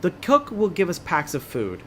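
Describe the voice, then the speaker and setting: A man's voice: sits high, huge pitch swings, normal speed, slight background noise, pitched above the performer's own voice. A man voicing a young, eager orphan girl with long braids, reading her lines aloud in a lightly raised voice.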